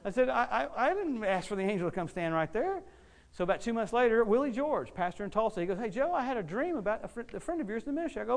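Animated folksy man preaching a story sermon. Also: high voice, quick pace, creaky. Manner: animated, folksy, repeats words when excited.

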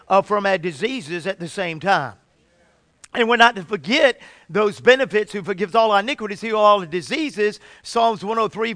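A man preaching a sermon with fervent emphasis. He often restarts and repeats phrases, and he draws out key words slowly. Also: high voice, fairly bright tone, dry recording, studio quality.

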